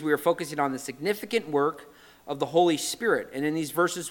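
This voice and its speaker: A male pastor preaches in a relaxed, conversational way, retelling scripture in everyday language. His voice sits a little high for a man, and he keeps checking in with his listeners. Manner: conversational, often adding "right?"; retells scripture with lively paraphrase. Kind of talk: sermon.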